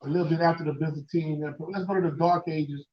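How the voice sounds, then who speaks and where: A man's voice: a little high, steady tone, fast talker, crowd noise. Rambling man in an echoey room. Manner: rambling, restarts often, profane. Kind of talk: casual group talk. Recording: far, echoey, dull room mic with faint noise.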